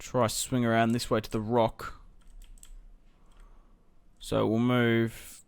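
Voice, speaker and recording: Young male let's-player, smooth voice, dry close sound, musing as he plays. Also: medium pitch, completely flat delivery, no echo. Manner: thinking aloud, musing and unhurried. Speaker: gaming video host. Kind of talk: casual strategy game commentary.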